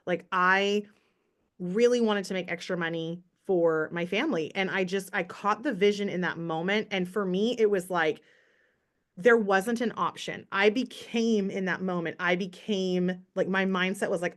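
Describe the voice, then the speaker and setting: A woman's voice: mid-range voice, steady tone, normal speed. A woman in her thirties telling her story in a chatty, motivational way on a casual team call. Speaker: direct sales team leader.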